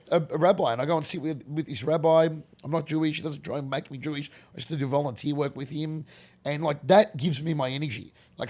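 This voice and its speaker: Australian guy, middle-aged, gravelly voice, rambling anecdotes in a relaxed interview chat. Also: fairly high pitch. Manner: animated, rambling anecdotes with many restarts. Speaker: guest. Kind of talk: casual storytelling interview.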